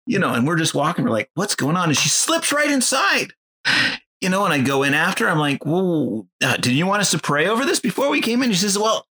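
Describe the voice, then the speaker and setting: Bright, high-voiced man telling a testimony. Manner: animated, acts out quoted voices. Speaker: missionary. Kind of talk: storytelling testimony.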